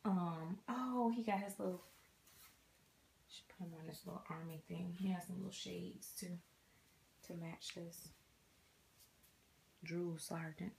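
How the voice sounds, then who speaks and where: A woman's voice: lowish voice, fairly even intonation, measured pace, gravelly, pauses often, a little mellow, a little hiss or hum. A young woman casually telling a rambling family story while chatting about her dolls. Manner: rambling storytelling with quoted dialogue. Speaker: doll collector vlogger. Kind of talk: casual chat.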